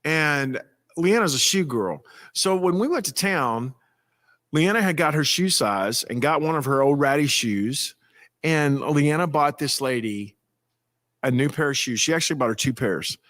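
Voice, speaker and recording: A man's voice: fairly high pitch, a little slow, no room sound. A man, a pastor, telling stories in a folksy, rambling way and acting out the people he quotes. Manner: animated, acts out quoted people with a raised voice. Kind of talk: casual storytelling talk.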